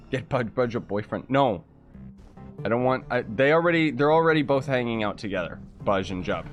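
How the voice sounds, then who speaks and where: A young man from Canada, just out of bed, chatting casually on a game livestream, reading chat aloud with lots of fillers. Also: lowish voice. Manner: rambling, reads chat aloud, many fillers. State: just woke up. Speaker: gaming streamer.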